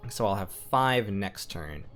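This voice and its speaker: Man, low voice, lively intonation, methodical game commentary, faint music behind. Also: takes it slowly. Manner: methodical, talks through plans and numbers. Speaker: strategy game let's-player. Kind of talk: thinking-aloud gameplay commentary.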